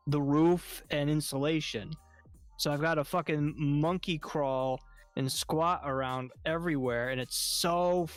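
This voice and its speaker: A man telling a story on a stream in casual chat, animated and swearing often. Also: a little high.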